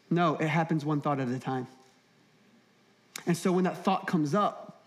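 High-voiced lively pastor preaching. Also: male voice, moderate pace, long pauses. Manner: lively storytelling, energetic and humorous. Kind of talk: sermon. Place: church auditorium.

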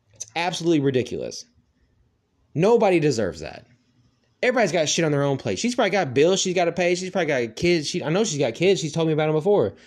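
A man's voice: a little high, darkish tone. A man in a casual ranting monologue, swearing freely and rambling with lots of "like" fillers. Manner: profane, rambling, heavy "like" fillers.

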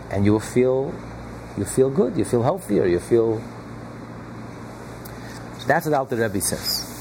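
A man's voice: medium pitch, expressive, moderate pace, background noise. Emphatic man teaching a study group. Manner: emphatic, repeats key phrases, chuckles often. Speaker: Torah class teacher. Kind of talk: explaining a text to a small study group.

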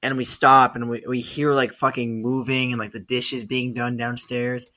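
A man's voice: medium pitch, moderate pace. A young man, a podcast co-host, telling stories in casual chat, swearing often and laughing along. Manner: swears often, animated storyteller, laughs mid-story.

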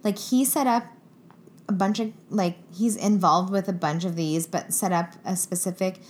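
A woman's voice: lowish voice, fairly even intonation, normal speed. A young woman co-hosting a podcast in casual chat, giggly and chatty, often trailing off mid-sentence. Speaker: podcast co-host.

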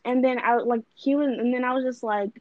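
A woman's voice: fairly high pitch, steady tone, brisk, dry recording, phone-quality sound. A young woman co-hosting a podcast, talking bluntly and rambling with lots of fillers and swearing. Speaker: podcast co-host. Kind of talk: casual chat.

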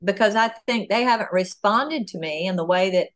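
A woman talks as a podcast guest at a medium pitch. Her speech is animated, with frequent "um"s and "you know"s and sudden lifts in her voice when she gets excited. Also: normal speed. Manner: animated, talks through ideas with many fillers. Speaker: author and guest. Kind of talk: podcast interview.

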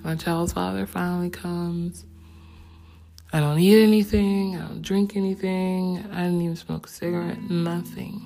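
A woman telling a personal family story in a slow, subdued and reflective way. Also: fairly low pitch, level tone, gravelly. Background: soft acoustic guitar music.

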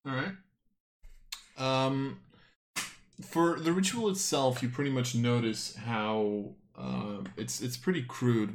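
A man's voice: lowish voice, slight background noise. A man narrating as game master of a tabletop game, rambling and hesitant, with many fillers and self-corrections.

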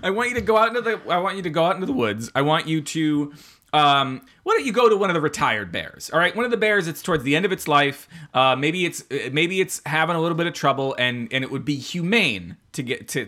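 Male co-host, mock-serious satirical rants, bright forward tone. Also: fairly high pitch, animated, fast talker. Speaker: podcast co-host. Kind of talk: casual comedic chat.

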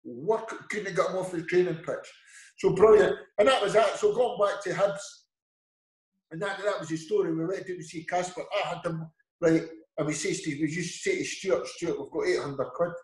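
Recorded in an echoey room, this middle-aged man from Edinburgh, Scotland, is a football manager appearing as an interview guest. His voice sits high at a normal speed as he tells rambling anecdotes and acts out the dialogue.

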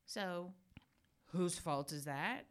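A woman's voice: lowish voice, very slow. A middle-aged woman in casual conversation, telling stories with energy and acting out what people said. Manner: animated storyteller, acts out voices. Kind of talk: casual chat.

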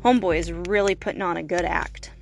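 A woman hosting a podcast, telling a casual, animated movie recap full of fillers and the odd swear word. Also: fairly low pitch, quick pace, gravelly, faint music behind. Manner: chatty, animated storytelling with many fillers and swearing. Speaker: podcast host.

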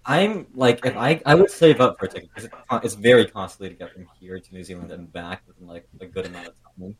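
Guy on a voice call, low voice, rambly, desk mic. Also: fast, rough recording. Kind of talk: casual group chat. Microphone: desk microphone.

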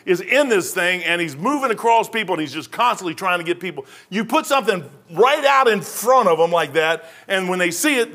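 A pastor preaches from the pulpit in a folksy, conversational style packed with slang and quick asides. His voice is high, bright, and forward.

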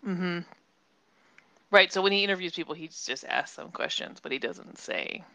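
Young woman chatting about a mystery novel, kinda low voice, super dry mic. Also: moderate pace, pushed and bright, dry recording. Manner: chatty, retells scenes with quoted voices, giggles. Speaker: podcast co-host. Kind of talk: casual book discussion.

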